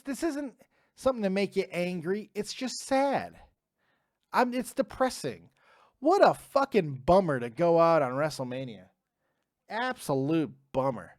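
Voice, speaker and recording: Man, young adult, live stream host, casual, swears, reads chat aloud, animated pitch, dry sound. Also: dry recording.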